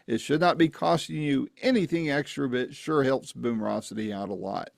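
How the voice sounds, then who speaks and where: A man's voice: medium pitch, brisk, vocal fry, no room sound, clean studio sound. A man hosting a podcast, giving a friendly, folksy intro and then interviewing a guest. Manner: friendly, folksy, with promo asides. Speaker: podcast host. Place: East Tennessee, home setup.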